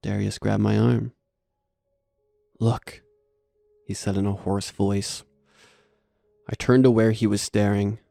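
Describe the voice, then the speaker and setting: A man narrating a horror story in a steady scripted delivery. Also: fairly low pitch, gravelly, no room sound.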